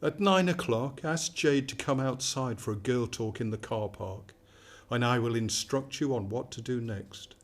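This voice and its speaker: An actor playing a sinister, controlling male AI companion who talks in a calm, soothing, manipulative way in a radio drama. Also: medium pitch, normal speed, natural voice. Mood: coaxing.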